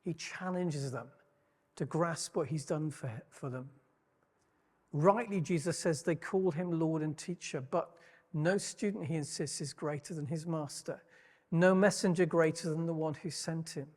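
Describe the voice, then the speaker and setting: A man preaching a sermon, retelling a story in a measured, reflective way with wry asides. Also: a little high, a little mellow. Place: church hall. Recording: long church reverb.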